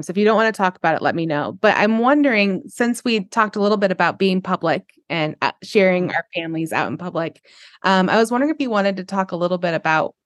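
A woman hosting a podcast, talking in a relaxed, friendly way in casual interview chat. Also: lowish voice, no room sound, studio quality. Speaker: podcast host.

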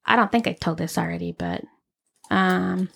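A woman's voice: lowish voice, wildly swooping pitch, moderate pace, gravelly, a bit bright, slight background noise. A woman co-hosting a podcast in casual chat, telling anecdotes with a lot of laughter and acting out the voices of the people in them. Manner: chatty, laughs often, acts out voices in anecdotes. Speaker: podcast co-host.

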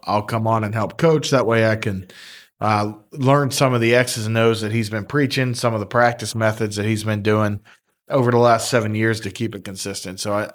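A man, an assistant coach, speaking haltingly in a casual podcast chat, with many fillers and restarts. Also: lowish voice.

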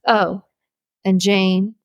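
A woman voicing a brutal, abusive farmer father with a gruff, threatening manner, in a plain, close, dry audiobook read. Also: medium pitch, flat delivery, extremely slow, dry recording, dull audio. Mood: harsh. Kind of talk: audiobook character voice.

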